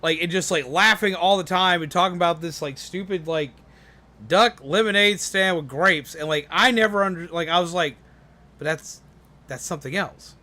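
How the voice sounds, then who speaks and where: A man streaming a game, telling a joke in a casual, animated way that swings from loud to mumbled. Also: high-pitched, normal speed.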